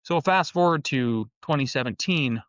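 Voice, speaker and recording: Animated storytelling man in his forties. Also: mid-range voice, normal speed, no echo. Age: 40s. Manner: animated storyteller, acts out quoted dialogue. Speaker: podcast guest, architect and entrepreneur. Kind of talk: casual storytelling interview. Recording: dull lo-fi sound, dry.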